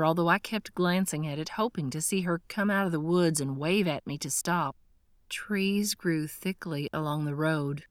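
Low-voiced woman narrating an audiobook. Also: no room sound, studio quality. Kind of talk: first-person audiobook narration.

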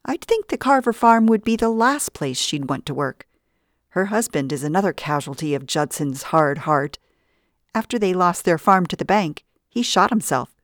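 A woman's voice: lowish voice, moderate pace, no echo, studio quality, close to an everyday voice. Woman putting on a chatty gossipy librarian. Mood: somber. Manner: gossipy, giggly, lively.

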